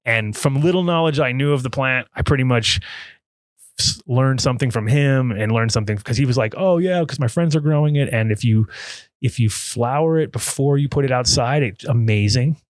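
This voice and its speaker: A man's voice: medium pitch, moderate pace, no room sound. A man telling a long story as a podcast guest in a casual, rambling way, swearing freely and stopping to act out what other people said. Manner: rambling, profane, acts out other people's lines.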